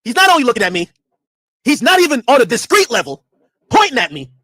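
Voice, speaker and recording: A man's voice: extremely high pitch, quick pace, no echo, clean studio sound. A man streaming casual commentary, telling a story in a loose, profane way and acting out the people in it. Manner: animated, profane, acts out quotes.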